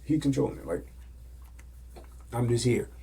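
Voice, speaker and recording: A man hosting a podcast, telling a story in a loose, animated way and acting out the other people's lines. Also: mid-range voice, normal speed, slight background noise. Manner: animated storytelling, acts out quotes. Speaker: podcast host.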